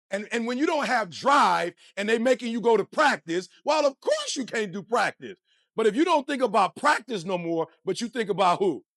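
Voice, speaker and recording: Male motivational speaker, high and punchy, preaching to the crowd, dry sound. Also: dry recording. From Detroit, USA. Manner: energetic, preachy, slang-heavy, addresses the crowd directly. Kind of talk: motivational speech.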